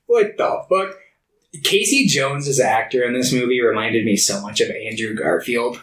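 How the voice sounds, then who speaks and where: A man's voice: medium pitch, unhurried, a bit bright. A man co-hosting a podcast, chatting casually about movies with profane, sarcastic banter. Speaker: podcast co-host. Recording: echoey room.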